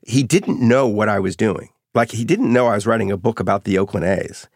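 A middle-aged man, an author being interviewed, telling anecdotes in a lively, casual way. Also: fairly low pitch, fairly quick, no echo, clean studio sound. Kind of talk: storytelling interview.

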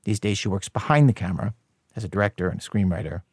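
Man, radio host, mellow, husky, calm scripted intro, dry close sound. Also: low-pitched, quick pace, no room sound.

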